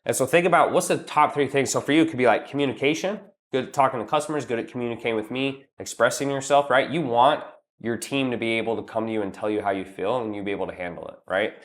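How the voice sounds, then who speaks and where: A man talking plainly as a business coach, with a medium-pitched voice. He lays out his points step by step, blunt and a little profane, tagging "right?" onto his sentences. It sounds like an unscripted, casual advice chat. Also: fast talker, hardly any pauses. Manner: blunt and emphatic, swears, calls listener "bro"; walks through numbered steps, often tags "right?".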